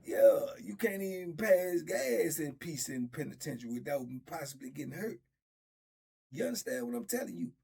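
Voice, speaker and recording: A man's voice: on the high side, vocal fry, darkish tone, slightly rough. A middle-aged man telling stories in a laid-back, drawling way, laughing often. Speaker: storyteller host. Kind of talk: casual storytelling.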